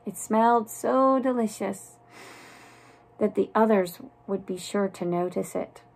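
A woman reading a children's storybook aloud in a soft, deliberate narrating voice. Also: medium pitch, creaky. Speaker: storybook reader.

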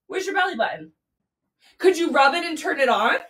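A woman teaching a children's yoga class in an animated, playful, sing-song way. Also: high-pitched, brisk, recorded from a distance.

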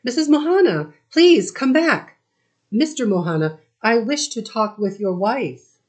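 A woman's voice: mid-range voice, expressive, a little slow, darkish tone, pitched above the performer's own voice. A timid, polite young woman, read by a woman. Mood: pleading.

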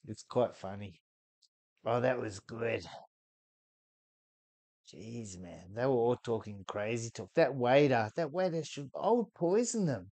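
A man's voice: mid-range voice, lively intonation, a little slow, darkish tone. Australian guy, reaction host, laid-back chatter, loose and laughing. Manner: laughing, chatty, swears freely. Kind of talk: casual reaction commentary.

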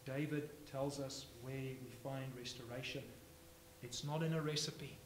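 A man preaching a sermon as pastor, swinging from hushed phrases to loud emphatic ones. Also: mid-range voice, fairly even intonation, a little slow. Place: church sanctuary. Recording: echoey church, faint hum.

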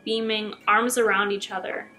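A woman YouTuber reading short scary stories aloud in a chatty, expressive way. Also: medium pitch, moderate pace, soft background music. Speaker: YouTube storyteller.

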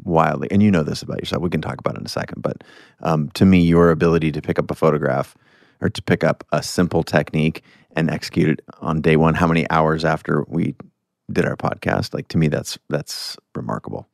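Deep-voiced man speaking with emphasis. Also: a little fast, creaky, no room sound, studio quality. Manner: enthusiastic, emphatic explainer. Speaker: podcast guest, photographer. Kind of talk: conversational interview.

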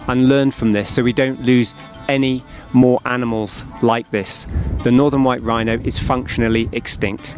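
A man, an artist, speaking slowly and heartfelt to schoolchildren from an outdoor animal enclosure. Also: medium pitch, steady tone, faint music behind. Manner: slow, hushed and heartfelt. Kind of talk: earnest outdoor video address.

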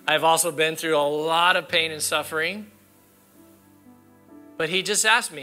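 Man, pastor, sermon, bright ringing voice, earnest storytelling, faint music behind. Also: on the high side, a little slow, long pauses. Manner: earnest, candid storytelling with emphatic repetition. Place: church sanctuary.

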